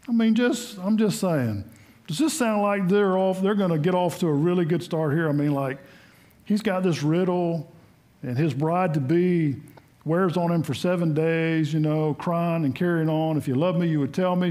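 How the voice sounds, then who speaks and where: A man's voice: on the high side, darkish tone. A male preacher giving a sermon, reading scripture and retelling it in a folksy, conversational way. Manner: folksy, conversational, acts out quotes.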